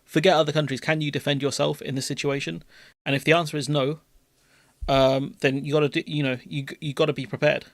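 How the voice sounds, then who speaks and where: A man's voice: on the high side, little pitch movement, brisk, dry recording. A young man chatting casually on a live political stream, rambling with restarts and offhand swearing.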